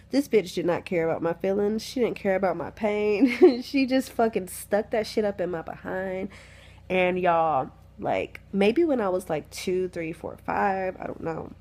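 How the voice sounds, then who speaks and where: A woman's voice: fairly low pitch, a little slow, darkish tone. A young woman, sick with the flu and lying in bed, telling a candid, chatty story into her phone, swearing freely. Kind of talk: casual storytime chat.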